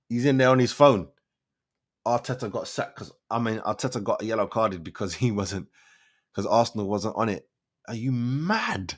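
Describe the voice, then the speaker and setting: A man's voice: on the low side, animated, normal speed. Mocking man reacting live. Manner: mocking, incredulous, talks over the clip. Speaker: channel host reacting to a radio clip.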